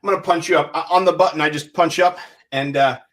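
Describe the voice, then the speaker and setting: A man co-hosting a live-stream chat show, animated and giggly as he talks over the clips he plays. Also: on the high side, fast. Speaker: podcast co-host.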